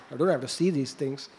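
High-voiced man telling a story. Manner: animated storytelling with laughs and sound effects. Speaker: monk preacher. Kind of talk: storytelling sermon.

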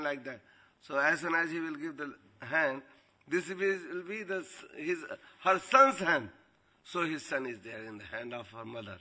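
Bright-toned storyteller, male. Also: on the high side, unhurried. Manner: animated, laughing storyteller. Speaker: spiritual teacher. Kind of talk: devotional storytelling talk.

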